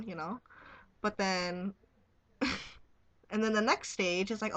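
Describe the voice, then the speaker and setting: A young woman talks straight to her camera at home in a casual vlog. Her voice is bright and clear, and she giggles, swears freely and speaks bluntly. She sounds like she is recording on the camera's own mic. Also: mid-range voice, fairly even intonation, slow, long pauses. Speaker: vlogger.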